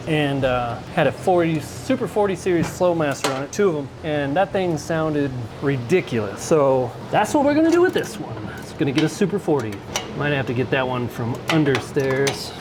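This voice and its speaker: A man's voice: on the high side, noisy background. A man chatting to the camera while working on a truck in his garage, casual and joking. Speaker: vlogger wrenching on a truck. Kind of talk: casual workshop vlog. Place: home garage or shop.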